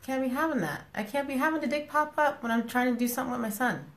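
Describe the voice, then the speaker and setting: A woman's voice: sits high, fast talker, reverberant. Frank woman scolding her followers. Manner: frank, scolding yet affectionate, repeats herself. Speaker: social media personality talking to followers. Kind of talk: casual live-stream talk to followers.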